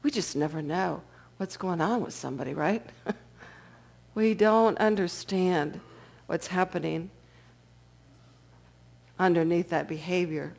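A woman's voice: lowish voice, unhurried, vocal fry, pauses often, darkish tone. Woman telling a story to an audience. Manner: engaging, checks in with listeners.

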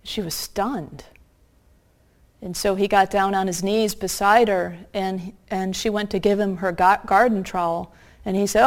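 A woman with a mid-range voice and fairly even intonation preaches a sermon by telling a story. She is earnest and slows her delivery to emphasize key points.

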